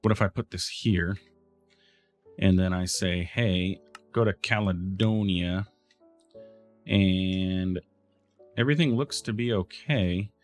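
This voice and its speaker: A man's voice: deep voice, measured pace, long pauses, soft background music. A man hosting a game let's play, thinking aloud in casual commentary and talking back to the game.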